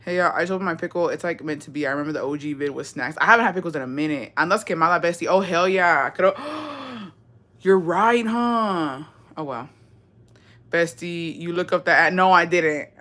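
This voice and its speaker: Deep-voiced woman chatting on a livestream. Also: normal speed, fairly bright tone. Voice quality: deep, slightly raspy voice. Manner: chatty, profane, mixes in Spanish words. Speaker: livestream host. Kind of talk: casual livestream chat reading comments.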